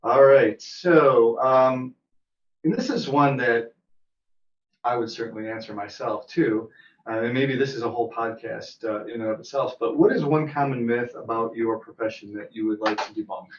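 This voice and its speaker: A man co-hosting a podcast, speaking in an easygoing, halting casual way. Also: medium pitch. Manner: easygoing, hesitant with fillers. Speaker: podcast co-host. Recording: roomy, distant, dull mic sound.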